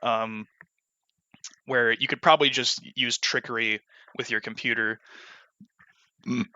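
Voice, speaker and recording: A man's voice: medium pitch, steady tone, a little slow, bright, forceful tone, dry recording. A man casually commenting on a game as he plays, rambling with fillers and false starts, on a dull lo-fi mic. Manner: rambling, many fillers and restarts. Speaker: let's play gamer.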